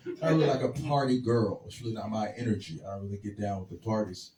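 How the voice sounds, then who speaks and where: A man's voice: fairly low pitch, fast talker, warm tone, reverberant, distant mic. A man in his thirties doing stand-up, chatting with the crowd in a dry, sardonic way. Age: 30s. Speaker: stand-up comedian. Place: comedy club stage.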